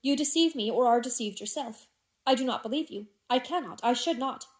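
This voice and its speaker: A woman's voice: fairly quick, natural voice. A woman reading a proud, wounded young lady. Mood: firm. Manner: low, firm, restrained.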